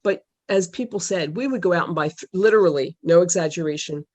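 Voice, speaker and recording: A religious sister on a video call, telling her experiences in an earnest, halting way with many pauses. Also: on the low side, a little mellow. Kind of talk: personal testimony on a video call.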